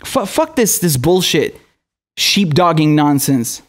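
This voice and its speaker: High-voiced man ranting with exasperation. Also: very animated, slow. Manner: profane, exasperated, sarcastic. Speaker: political commentator. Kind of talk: angry ranting commentary.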